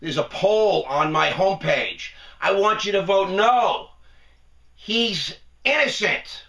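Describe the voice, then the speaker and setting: A man's voice: high voice, takes it slowly, creaky, pushed and bright. A man hosting his own commentary video, ranting sarcastically and animatedly and laughing often. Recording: echoey room, voice a bit far from mic.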